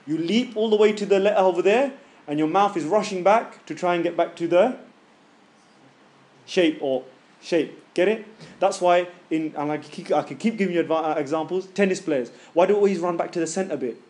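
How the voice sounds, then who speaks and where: A man teaching a tajweed class in a casual, joking way, stretching out sounds slowly and loudly to demonstrate them. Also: high-pitched.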